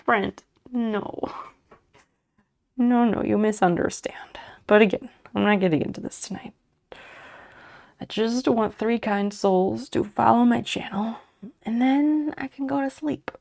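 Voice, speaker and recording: A woman's voice: on the high side, unhurried, gravelly, pauses often, a little mellow. A woman streamer chatting casually with her viewers while she crochets, muttering and swearing under her breath as she works. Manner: chats back to viewers' messages.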